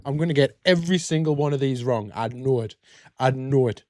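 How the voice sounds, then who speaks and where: A man's voice: medium pitch, a little fast. A British man hosting a reaction video, chatting casually and joking in rambling asides. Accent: British English. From Britain.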